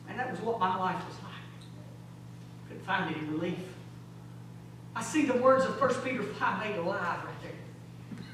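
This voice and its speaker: Emphatic preacher in an echoing sanctuary. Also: male voice, lively intonation, normal speed, long pauses. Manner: emphatic, swings between loud exhortation and low intensity; rhetorical questions, folksy asides. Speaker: pastor. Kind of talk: sermon. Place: large church sanctuary. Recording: very echoey hall, distant mic, faint hum.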